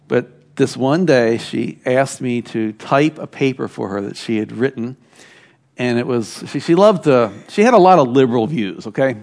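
A man preaching a sermon in a church, emphatic and animated, dropping at times into quiet asides. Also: medium pitch. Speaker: pastor.

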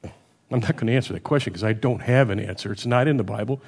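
A middle-aged preacher with a husky voice delivers a sermon quickly and conversationally, repeatedly checking in with his listeners. His loudness varies widely, rising into emphatic stretches and dropping to quiet, low asides.

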